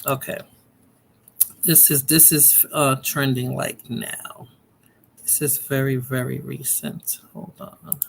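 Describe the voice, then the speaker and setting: A man with a mid-range, gravelly voice hosts a live stream, reacting to a video and chatting casually with viewers, addressing people in chat by name. His delivery is flat and slow with frequent pauses, and there's slight background noise.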